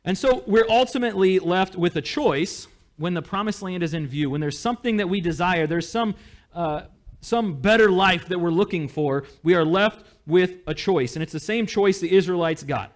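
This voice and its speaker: A man preaching a sermon as pastor, in a conversational, animated way. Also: high-pitched, moderate pace. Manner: conversational, animated, with small laughs.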